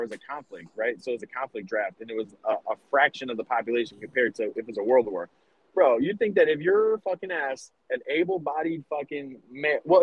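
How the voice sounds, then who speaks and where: This podcast co-host is a man in his thirties from the United States who rambles, swears and pushes his argument hard during a casual debate. He speaks in a mid-range, breathy voice, and the audio sounds dull.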